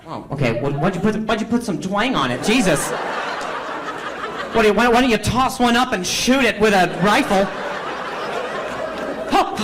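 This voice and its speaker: Stuttering comedian with a high, lively voice. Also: male voice, a little fast. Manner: stutters, repeats sounds, self-mocking. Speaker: stand-up comedian. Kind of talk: crowd work stand-up. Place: comedy club stage. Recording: live crowd and room noise.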